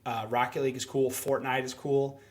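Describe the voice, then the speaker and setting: Man in his thirties, mid-range pitch, jokey podcast co-host who loves to tease. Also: flat delivery, a little fast. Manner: joking, teasing banter. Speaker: podcast co-host, former football player. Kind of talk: casual sports podcast chat.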